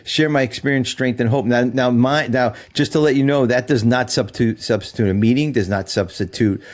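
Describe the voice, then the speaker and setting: A man's voice: mid-range voice, fairly quick. A middle-aged man, a guest in casual chat, talking earnestly with frequent restarts and easy laughter. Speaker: podcast guest.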